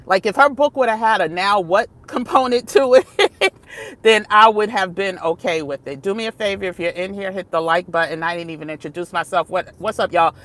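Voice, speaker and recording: A woman's voice: medium pitch, moderate pace, fairly bright tone. A woman vlogging in a casual, chatty way, often wandering off topic and laughing as she talks to her viewers. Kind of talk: casual vlog talk. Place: outdoors, moving between places.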